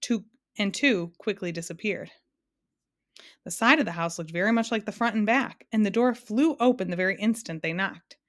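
A woman reading a children's book aloud with lively, expressive narration. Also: medium pitch, normal speed. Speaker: storyteller.

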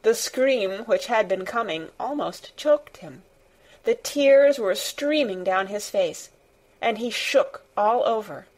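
Woman narrating a storybook slowly. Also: mid-range voice, expressive, darkish tone. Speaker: reader. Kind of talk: audiobook narration.

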